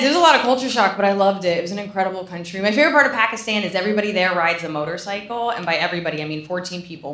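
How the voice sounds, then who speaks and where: A woman in her thirties doing a stand-up comedy set with a dry, deadpan delivery and hesitant restarts, into a handheld stage mic. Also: on the low side. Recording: echoey room with audience noise.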